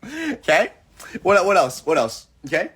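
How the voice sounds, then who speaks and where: A man with a slightly raised pitch hosts a casual livestream, chatting into his phone. He tells his stories in an animated way and acts out both sides of each conversation. His voice is husky. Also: measured pace. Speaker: livestream host.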